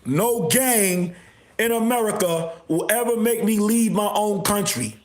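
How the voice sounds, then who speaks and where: A man hosting a livestream, delivering a repetitive, confrontational rant with bursts of shouting. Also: high voice, measured pace. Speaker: livestream host. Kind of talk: ranting livestream monologue. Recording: echoey room.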